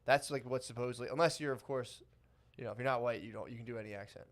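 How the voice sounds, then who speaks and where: A man co-hosting a podcast in casual chat, telling stories with quick profane asides. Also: mid-range voice. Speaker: podcast co-host.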